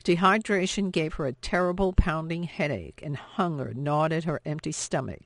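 A woman narrating a novel in a measured, steady, expressive way, recorded close to the mic. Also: deep voice, no echo. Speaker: audiobook narrator. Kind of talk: scripted narration.

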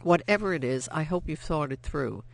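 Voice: mid-range voice, expressive, moderate pace, creaky. A narrator doing a fierce, accusing young sister. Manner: sharp, accusing questions. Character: fierce young French woman, blunt and judging.

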